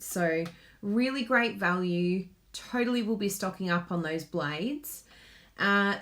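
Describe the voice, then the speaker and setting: A woman's voice: medium pitch, fairly bright tone. A woman from Queensland with an Australian accent, chatting casually as a craft host, bubbly and laughing often. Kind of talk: casual live chat.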